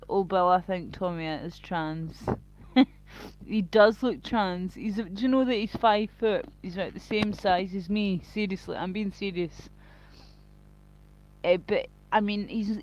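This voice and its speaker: Rambling, crude woman streamer. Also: on the low side. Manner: rambling, crude and profane, greets chat viewers. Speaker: live streamer. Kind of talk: casual live-stream chat. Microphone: cheap built-in mic. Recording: dull lo-fi home stream audio.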